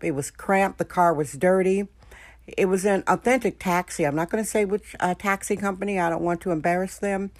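A woman with a lowish voice, recorded with no echo, hosts a podcast from San Francisco. She tells a story in a casual, chatty monologue, frank and speaking straight to her listeners.

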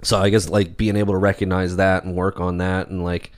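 Podcast co-host, male, lower voice, relaxed, chuckles between thoughts. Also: brisk. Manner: relaxed, laughs often, loose reflective talk. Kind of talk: casual chat.

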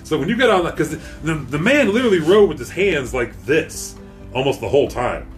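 A man telling a profane, animated story in casual podcast chat, acting out what people said. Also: fairly high pitch, brisk, faint music behind.

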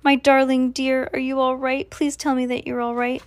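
A fussy, doting gentleman from a children's storybook gushes over his pet, voiced by a woman reading aloud in a fairly high voice. The recording is dry and close. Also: level tone, moderate pace, no echo, lightly acted. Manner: gushing and affectionate. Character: doting, fussy older gentleman, pig owner.

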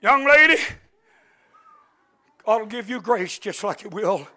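A male preacher delivering an impassioned sermon, dropping to a hush and then shouting, with frequent amens. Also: sits high, lively intonation, a little slow. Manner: impassioned, swings between hushed and shouting, peppered with amens. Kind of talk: Pentecostal-style sermon.

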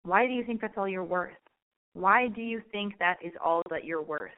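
A woman's voice: medium pitch, normal speed. A young adult woman hosting a call-in advice radio show, talking candidly and rambling with profanity. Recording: phone-like narrow band.

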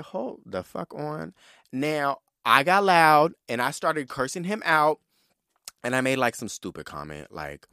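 A man's voice: mid-range voice, no room sound. Sassy profane man telling stories, dry mic. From San Diego, California. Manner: animated, profane and sassy, addressing listeners directly. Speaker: podcast host. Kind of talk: casual solo storytelling.

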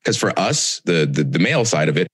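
A man's voice: deep voice, sing-song, fairly quick, fairly bright tone, husky, dry recording. A man co-hosting a podcast, talking in a rambling, reflective way with many restarts. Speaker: podcast co-host. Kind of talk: casual chat.

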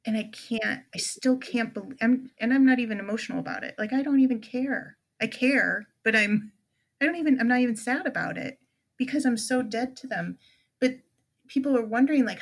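A woman's voice: on the high side, expressive, normal speed. A middle-aged woman, a podcast guest, telling an emotional personal story with many restarts and quoted conversations.

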